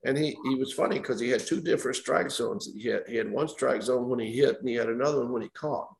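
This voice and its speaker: A man's voice: medium pitch, fast, vocal fry, reverberant. An older man, a former baseball umpire, telling anecdotes in an interview and chuckling at his own stories. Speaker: retired baseball umpire, guest. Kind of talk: storytelling interview.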